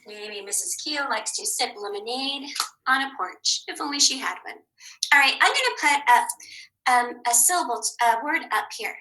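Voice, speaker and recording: A woman teaching a phonics lesson to young children, patient and encouraging, sounding out words slowly. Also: on the high side, sharp tone, low-quality recording.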